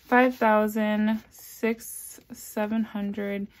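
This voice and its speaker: A woman's voice: level tone, drawn-out words, slight background noise. Woman vlogger, casual cash-stuffing video, murmured counting, friendly asides, faint rustle behind. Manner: counts bills aloud in a soft, low murmur; chatty and upbeat between counts. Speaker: budgeting vlogger.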